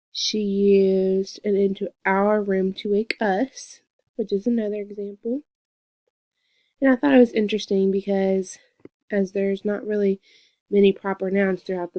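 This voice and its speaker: A young woman gives an earnest peer review of a classmate's book report, reading quoted lines slowly and pausing between them. Her voice is mellow and warm. The sound is close and dry, with no room echo. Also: mid-range voice, little pitch movement. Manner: earnest, reads quoted passages slowly with pauses. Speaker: student giving a peer review. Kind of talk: reading aloud and commenting on a book.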